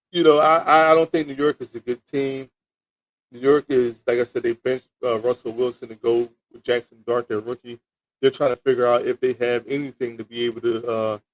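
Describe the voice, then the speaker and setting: Male sports talk host, mid-pitched, dry close mic, rambling picks, teases chat. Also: no room sound, poor audio. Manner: rambling, repeats words, teasing chat with mock toilet flushes. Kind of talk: casual football picks talk, reacting to live chat.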